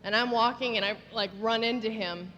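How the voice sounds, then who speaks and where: A woman's voice: on the high side, fairly even intonation, brisk, dull audio, a little hiss or hum. A woman presenting at an awards show, telling a playful, gossipy comic story on stage. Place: large theater stage. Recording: echoey hall with a loud audience.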